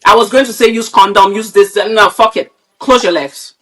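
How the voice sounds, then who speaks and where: A woman's voice: mid-range voice, normal speed, fairly bright tone. A woman from Nigeria, a podcast co-host, ranting bluntly and with a lot of swearing in casual, opinionated chat. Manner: blunt, profane, heated ranting.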